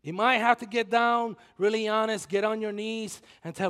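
A male pastor preaching a sermon, swinging from loud exclamations to hushed asides. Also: high-pitched, steady tone, normal speed, hardly any pauses, smooth. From Spanish-speaking background. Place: church sanctuary. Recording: long reverb of a large hall.

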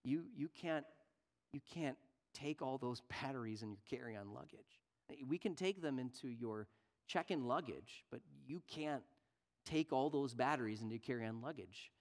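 A man putting on the gentle, patient voice of a male airport security agent. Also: mid-range voice, moderate pace, lightly acted. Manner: soft, gentle.

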